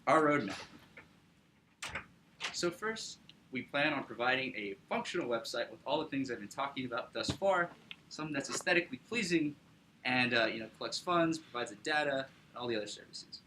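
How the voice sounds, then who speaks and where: A young man casually pitching his startup to an audience, upbeat, with lots of fillers and tag questions. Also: expressive, fairly quick, noisy background. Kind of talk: business pitch presentation.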